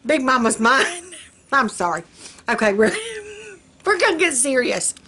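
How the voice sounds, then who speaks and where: A woman's voice: high-pitched, very animated, a little slow, sharp tone, slight background noise. An older woman, chatting casually to her viewers in a folksy way and laughing often at her own jokes. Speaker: vlogger. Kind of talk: casual chat to camera.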